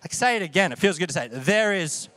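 A man's voice: high voice, big pitch swings, racing, fairly bright tone. A man preaching a sermon in a conversational way, often checking in with the audience. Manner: conversational, asks the audience questions. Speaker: pastor.

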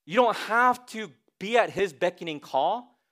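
A male pastor with a noticeably high voice preaches a sermon. He talks conversationally but with emphasis, pressing his listeners with repeated questions. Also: lively intonation, unhurried, fairly bright tone.

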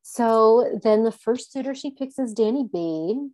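A woman co-hosting a podcast, recapping a reality show from her notes in animated casual chat, laughing often. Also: fairly high pitch, measured pace, no room sound. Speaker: podcast co-host.

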